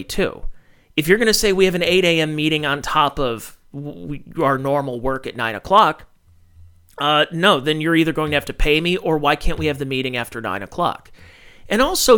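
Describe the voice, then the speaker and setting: A man's voice: fairly high pitch, bright, forceful tone, smooth. A man in his thirties hosting a solo podcast, rambling, swearing freely and correcting himself as he talks. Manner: rambling, profane, corrects himself mid-thought. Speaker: podcast host.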